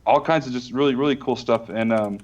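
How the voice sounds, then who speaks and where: A man co-hosting a casual podcast, promoting the channel in a relaxed way with light chuckles. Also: mid-range voice, a little fast. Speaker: podcast co-host. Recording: dull lo-fi mic with keyboard typing.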